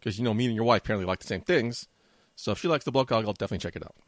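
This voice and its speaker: Brief: middle-aged male podcast co-host, quick lively delivery, dry close sound, teasing. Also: on the low side, no echo. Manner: teasing, mock-offended, fast joking. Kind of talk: casual banter.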